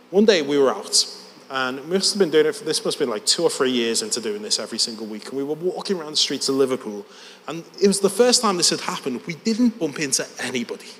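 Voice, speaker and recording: A man preaching from a church stage, telling a story in a relaxed, self-deprecating way. His voice sits at a medium pitch. It carries a long reverb from the hall. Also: a little hiss or hum. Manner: conversational, anecdotal, self-deprecating. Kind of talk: sermon storytelling.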